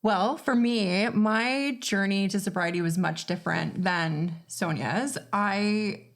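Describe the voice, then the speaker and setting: A woman's voice: medium pitch, slow pace. A woman psychotherapist, a podcast guest, candidly and thoughtfully telling her personal story in a casual interview.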